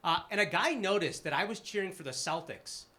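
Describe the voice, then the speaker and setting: A young man from the Boston area doing a stand-up set on a live stage, with a halting, filler-heavy delivery and dry, self-deprecating punchlines. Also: sits high, expressive, sharp tone. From Boston area, Massachusetts. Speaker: stand-up comedian. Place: live comedy stage with an audience.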